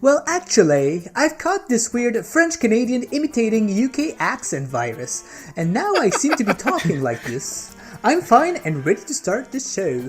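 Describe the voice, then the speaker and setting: A woman's voice: a little high, huge pitch swings, moderate pace, soft background music. A synthetic female voice playing a cheeky co-host with a put-on British accent. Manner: cheeky and full of slang.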